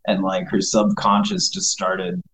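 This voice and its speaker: A man's voice: fairly low pitch, sing-song, unhurried, vocal fry, a bit bright, rough recording. A man chatting casually as a co-host, loose and slangy with lots of fillers. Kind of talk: casual chat.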